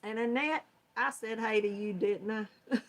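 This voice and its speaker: A woman's voice: fairly high pitch, measured pace. An older woman with a Southern American accent, hosting a casual crochet livestream and chatting folksily with viewers, often laughing. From Georgia, US South. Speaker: crochet channel host.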